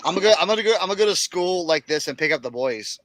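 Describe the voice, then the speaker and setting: A man's voice: high voice, animated, very fast, fairly bright tone, no echo. A man hosting a casual chat among resellers, playfully showing off hats and clothing finds. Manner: playful, joking about his outfits. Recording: noisy recording.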